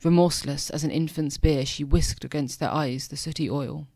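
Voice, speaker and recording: A young man at home reading narrative poetry aloud as an amateur audiobook, in a measured, dramatic way. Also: fairly high pitch, fairly even intonation, creaky, darkish tone, no room sound. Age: young adult. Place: home room.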